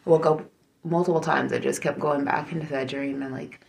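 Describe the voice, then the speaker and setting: A woman's voice: low-pitched, steady tone, normal speed, creaky. A woman co-hosting a podcast in casual chat, filling her talk with "like" and "you know" and laughing easily.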